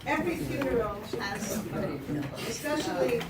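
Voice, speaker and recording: A woman leading a memorial service at a funeral home, reading slowly and gently. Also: high-pitched. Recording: echoey room from far off, noisy crowd.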